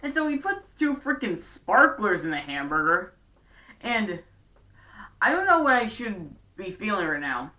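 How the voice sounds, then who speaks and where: A woman's voice: mid-range voice, sing-song, unhurried, pushed and bright, far from the mic. A woman giving a casual episode recap with chatty, sarcastic asides. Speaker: show recap vlogger.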